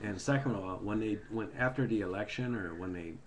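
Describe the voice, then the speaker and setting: A man's voice: fairly low pitch, brisk, a little hiss or hum. A man ranting in a casual, rambling and heated way into a webcam, repeating himself as he goes. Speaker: video blogger. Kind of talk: casual political rant.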